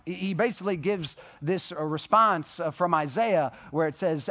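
A young man giving a casual sermon to high school students, full of fillers and acted-out quoted voices. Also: animated, normal speed, few pauses, fairly bright tone. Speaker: youth speaker.

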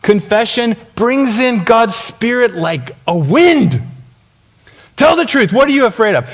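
A male pastor preaching with a high, bright voice that swoops up and down. He tells the story in a lively way and acts out each side of the conversation, laughing now and then. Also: unhurried. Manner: animated, acts out dialogue with laughs. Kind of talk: sermon storytelling. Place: church sanctuary.

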